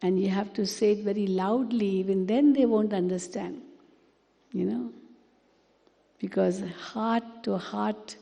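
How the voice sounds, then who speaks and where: A woman giving a spiritual class, speaking gently and repeating words for emphasis. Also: mid-range voice, steady tone, measured pace, creaky. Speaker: spiritual teacher. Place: meditation hall. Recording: long hall reverb.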